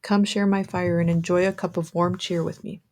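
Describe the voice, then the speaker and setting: An ancient crone with a raspy, low voice, gruff at heart but grandmotherly, as a woman reads her aloud. She speaks in solemn, proclaiming tones with a soft, mellow warmth. A storybook witch of great age and wisdom. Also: flat delivery, normal speed, natural voice. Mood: kindly.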